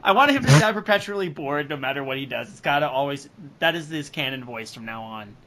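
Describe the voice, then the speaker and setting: A man's voice: a little high, animated, fast talker, a bit bright. A man co-hosting a comedy podcast, chatting playfully and laughing often. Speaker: podcast co-host. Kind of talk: casual comedic chat.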